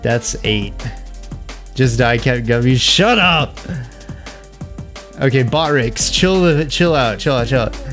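A man's voice: medium pitch, measured pace. A young man streaming a game live, chatting with viewers, laughing, venting frustration and swearing. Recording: faint music behind.

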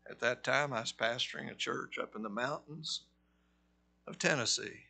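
A middle-aged pastor from Georgia with a Southern accent, preaching a conversational sermon that rises to forceful emphasis. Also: male voice, medium pitch, normal speed, gravelly, slightly rough. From Georgia, USA.

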